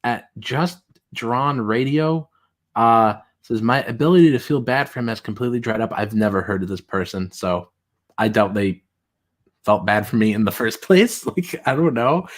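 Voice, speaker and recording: Male streamer, loose conversational read, mocks quotes in high voices. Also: expressive, normal speed. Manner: reads tweets aloud in mocking high voices, laughs often. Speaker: streamer host. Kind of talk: casual livestream chat.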